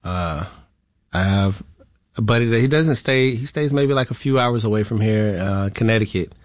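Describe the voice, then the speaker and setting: A man's voice: on the low side, normal speed, no echo. A man, a veteran guest in an interview, speaking hesitantly with many fillers and tag questions. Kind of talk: interview conversation.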